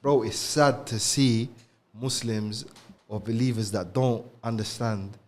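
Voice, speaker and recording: A man's voice: lowish voice, steady tone, slow pace. A young man, co-hosting a podcast and talking casually about faith in street slang, often adding "bro" and "you get me". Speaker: podcast co-host. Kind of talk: casual religious discussion.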